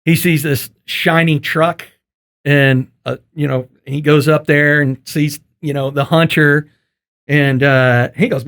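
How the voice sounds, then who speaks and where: Folksy podcast host. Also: male voice, on the high side, steady tone, slow pace, fairly bright tone. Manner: folksy and joking, loose with fillers. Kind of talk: casual podcast interview.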